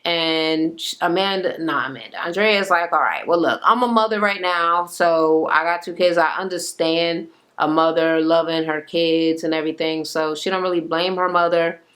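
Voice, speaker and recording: A woman ranting casually through a reality TV recap, swearing freely and acting out the people she quotes in a higher voice. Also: normal speed. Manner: profane, animated, acts out quotes in a higher pitch. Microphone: camera mic.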